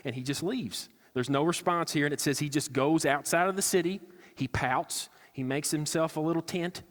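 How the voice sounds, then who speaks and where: A man's voice: on the high side, normal speed, long reverb tail. A man preaching a sermon as a pastor, talking in a casual way and acting out quoted lines with sarcasm. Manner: conversational, acts out quotes with sarcasm. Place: church sanctuary.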